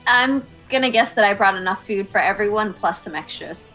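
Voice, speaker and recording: A woman's voice: mid-range voice, lively intonation, a little fast, pushed and bright, soft background music. A woman playing in a tabletop game, talking in a cheerful, giggly way.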